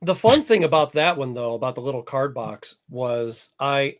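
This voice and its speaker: A man's voice: medium pitch, lively intonation, normal speed. A man co-hosting a live podcast, telling rambling stories in casual chat. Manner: rambling, chatty storyteller. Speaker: podcast co-host.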